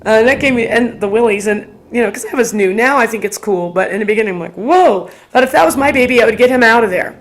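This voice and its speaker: A woman's voice: a little high, very fast, hardly any pauses. A woman working as a ghost tour guide, telling stories in an interview, acting out the voices she quotes and laughing often. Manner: animated, acts out quoted voices. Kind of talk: interview storytelling.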